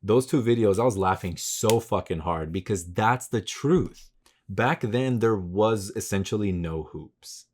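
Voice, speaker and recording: A man in his thirties with a low, deep voice, hosting a solo podcast in a loose, rambling way. He swears freely, talks in slang, and gets loud and worked up when he rants. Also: unhurried, a little hiss or hum. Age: 30s. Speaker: podcast host. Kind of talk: casual solo podcast monologue.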